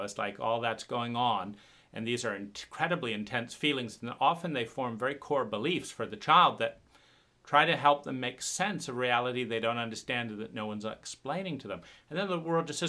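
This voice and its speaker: A man talking about his own painful past in an emotional, halting monologue, often repeating words and swearing when upset. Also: a little high, sharp tone. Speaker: speaker sharing personal story.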